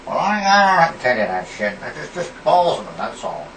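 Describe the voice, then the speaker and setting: Defensive, stammering man, raised pitch. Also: big pitch swings, brisk, a bit bright. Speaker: teacher in a sketch. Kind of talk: improvised comedy sketch. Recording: echoey, distant, noisy amateur recording.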